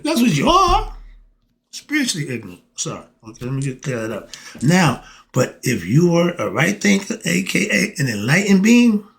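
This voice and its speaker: A self-styled philosophy teacher with a fairly high, gravelly voice gives a casual spiritual monologue to camera. He is preachy and colloquial, asking and answering his own rhetorical questions and often cutting himself off with "moving on."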